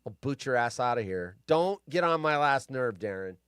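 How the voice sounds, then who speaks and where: A man's voice: mid-range voice, expressive, moderate pace, fairly bright tone, clear, resonant tone, dry recording, studio quality. A man hosting a casual live stream, grumpy and profane, ranting and rambling.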